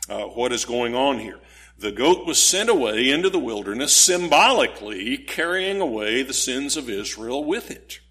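A man's voice: mid-range voice, fairly bright tone. A man preaching a sermon, explaining scripture in an earnest, teaching way and posing rhetorical questions to his listeners.

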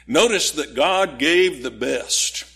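A man preaching a sermon, slow and deliberate, lifting his voice on key words. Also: a little high, lively intonation, gravelly, fairly bright tone, husky.

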